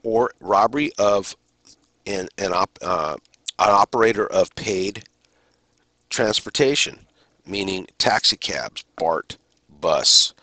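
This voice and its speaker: A man with a fairly low voice and a sharp, forceful tone delivers a criminal justice lecture. He speaks in a measured, deliberate way and pauses between phrases. The recording is close and dry, with no room sound. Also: no room sound.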